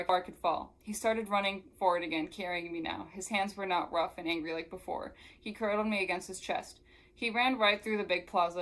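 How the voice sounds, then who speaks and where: A woman's voice: lowish voice, a bit bright, poor audio. A young woman reading a novel aloud and breaking off into sarcastic, exasperated commentary filled with "like.". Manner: sarcastic, exasperated asides full of "like". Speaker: book reviewer.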